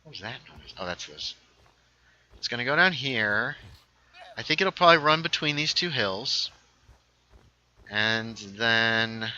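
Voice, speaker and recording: A man's voice: medium pitch, lively intonation, moderate pace, sharp tone, highs cut off. A man hosting a casual gaming livestream, thinking aloud as he builds and reading viewer chat aloud. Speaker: livestream host.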